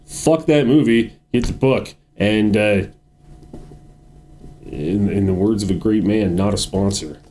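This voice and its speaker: A man's voice: fairly low pitch, slow, dark tone. A man co-hosting a casual book review chat, joking, self-deprecating and swearing freely. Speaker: co-host.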